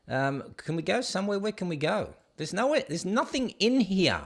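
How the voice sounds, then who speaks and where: Brief: male host, slightly high voice, playful and rambling, casual commentary. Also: animated, normal speed. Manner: joking, playful, stumbling over hard names. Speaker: show host.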